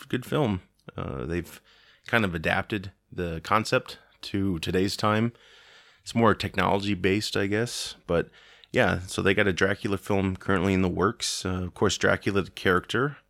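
A man's voice: low-pitched, creaky, fairly bright tone, dry recording. A man in his forties hosting a podcast, chatting in a rambling way and laughing easily. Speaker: podcast host. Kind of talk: casual chat.

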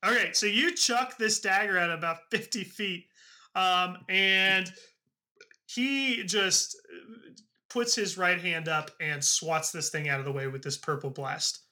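A man narrating as game master of a tabletop game, halting with frequent ums and uhs. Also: high voice, pushed and bright.

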